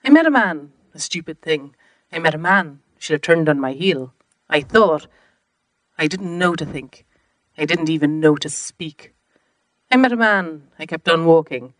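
A woman's voice: low-pitched, expressive, a little slow, no echo. A woman reading aloud as a young woman recalling men, in a rhythmic, incantatory way. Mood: raw incantatory.

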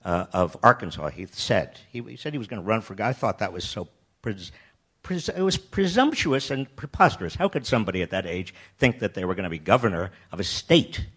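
An older American man telling a personal story in a wry, self-deprecating way, often halting and restarting his sentences. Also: lowish voice, animated, a bit bright, breathy edge. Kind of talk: personal anecdote talk.

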